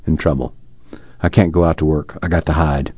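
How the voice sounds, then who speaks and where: A man voicing a hurt, weary young farmhand with a drawl, talking low and grim. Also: steady tone, fairly quick, warm tone, husky, no echo. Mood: hushed. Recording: muffled, dry.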